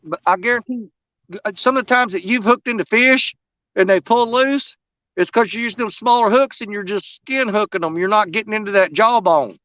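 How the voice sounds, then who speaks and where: A man's voice: sits high, fairly quick, pushed and bright, no room sound. A man, chatting in a folksy, rambling way about fishing on a video call from a riverbank. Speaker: outdoors channel host. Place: outdoors at a riverbank at dusk. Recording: muffled, dry video-call audio.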